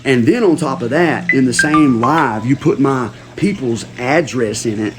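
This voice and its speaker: A man's voice: medium pitch, unhurried, soft background music. A man hosting a livestream, delivering a heated, profane rant full of slang and repeated lines for emphasis. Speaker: livestream host.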